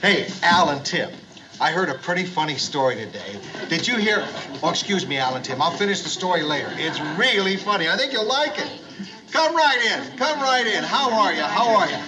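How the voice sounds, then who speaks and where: An actor playing a gruff middle-aged boss turned overeager bar host, in 1970s sitcom style. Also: male voice, high voice, sing-song, moderate pace, crowd noise, rough recording. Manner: forced, overeager cheerfulness. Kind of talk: 1970s studio sitcom acting.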